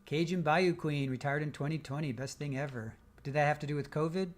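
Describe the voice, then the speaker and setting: This man's voice is a little high and brisk as he hosts a live stream. He reads viewer comments casually, teasing people and laughing frequently.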